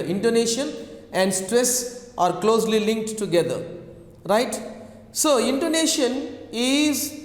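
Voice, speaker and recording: A man teaching an English pronunciation lesson, repeating each word several times and spelling letters aloud. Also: very high-pitched. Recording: echoey roomy recording with long reverb.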